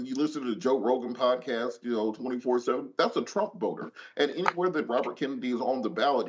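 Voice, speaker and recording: A male guest commentator lays out his political analysis in a measured, analytical way, often pausing on fillers. The sound is slightly muffled, as if coming over a remote link. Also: mid-range voice.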